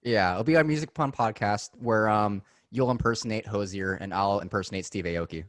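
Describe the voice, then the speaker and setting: A man's voice: fairly low pitch, fairly quick, no room sound, clean studio sound. A man in his twenties hosting a casual podcast chat, joking and upbeat. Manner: joking, upbeat, says "dude". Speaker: podcast host.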